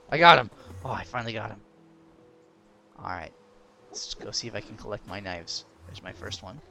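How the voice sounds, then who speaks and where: Young man, gameplay commentary, casual, lively swooping pitch, excitable, laughs a lot. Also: creaky. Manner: excitable, yelps and laughs at danger, talks to game mobs. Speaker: gaming commentator.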